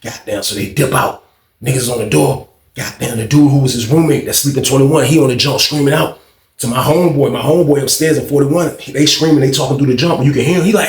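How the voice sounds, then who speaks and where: A man telling a prison story in casual, animated slang, acting out quotes with loud high shouts and hushed asides. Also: fast, reverberant. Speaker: storyteller vlogger.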